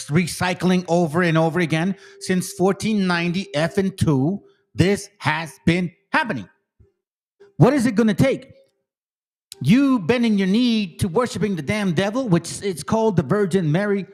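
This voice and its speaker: A man hosting his channel, quoting scripture in a heated, profane and confrontational rant. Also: high voice. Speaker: channel host. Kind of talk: heated biblical commentary rant.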